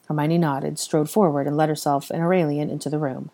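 A woman reading fan fiction aloud in a steady, even narration. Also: sits low, fairly quick, gravelly, few pauses. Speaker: reader.

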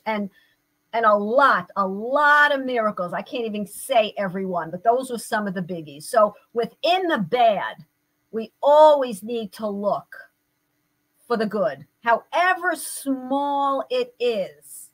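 A woman's voice: fairly high pitch, lively intonation, measured pace, low-quality recording. An older woman, a therapist and guest, telling her own story in an earnest, reflective way. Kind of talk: personal storytelling in an interview.

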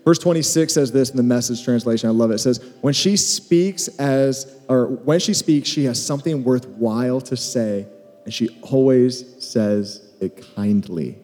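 A man's voice: mid-range voice, moderate pace, dark tone. A man teaching at a conference, teasing and joking, speaking straight to husbands and wives in the audience. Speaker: podcast co-host speaking at a marriage conference. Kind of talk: conference talk with crowd asides. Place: conference stage in a large hall. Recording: live hall recording with long reverb.

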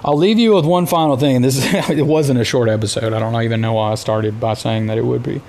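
Speaking fast at a medium pitch with a somewhat dark tone, this American man hosts a casual podcast on his own. His stories ramble and sound exasperated, stuffed with fillers, and a bit of background noise is audible.

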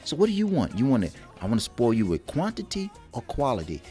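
A man co-hosting a casual chat show, animated and laughing, talking in loose street slang. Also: medium pitch, quick pace, soft background music. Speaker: co-host.

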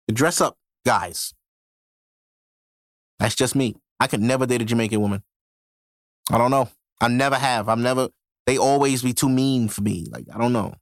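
This man's mid-range voice comes through clean, studio-like, and without echo as he hosts a casual solo podcast from his New York home setup. His speech is loose profane street slang, broken up by frequent laughter.

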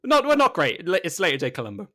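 A man's voice: high-pitched, huge pitch swings, fast talker, sharp tone. A man co-hosting a podcast in casual chat, joking and restarting his sentences. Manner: chatty, jokey, self-interrupting. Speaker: podcast co-host.

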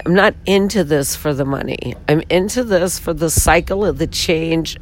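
A woman with a raspy, hoarse voice making an earnest, pleading pitch for her venture to donors and companies. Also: moderate pace, few pauses. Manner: pleading, heartfelt, frustrated. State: hoarse from talking all weekend. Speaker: founder pitching her water advertising venture. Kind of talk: earnest direct-to-camera pitch.

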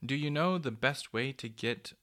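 A man's voice: medium pitch, normal speed, fairly bright tone, pitched above the performer's own voice, lightly acted. A man voicing an eager, earnest young boy in a storybook.

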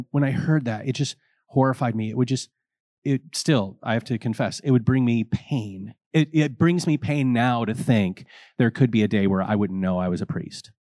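A middle-aged man, a priest, giving a homily in a slow, reflective way, telling personal stories. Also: fairly low pitch, a little mellow, no echo, studio quality.

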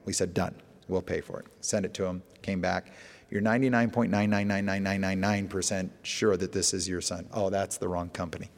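A man's voice: low voice, fairly even intonation, moderate pace. Man telling a story in an echoey hall. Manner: acts out phone calls in quoted dialogue. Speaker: TV show producer giving a talk. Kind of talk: storytelling presentation to an audience. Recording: echoey hall with long reverb.

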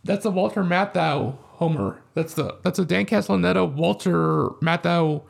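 A man's voice: high-pitched, normal speed, creaky. A man co-hosting a podcast, chatting casually and hesitantly about movies. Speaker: podcast co-host. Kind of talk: casual chat.

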